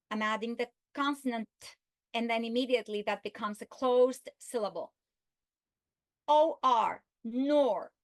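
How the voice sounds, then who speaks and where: Woman teaching phonics slowly, kinda high voice, drawn-out example words. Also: a bit bright. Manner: slow, deliberate, stretches example words. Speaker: literacy instructor. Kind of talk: instructional video lesson.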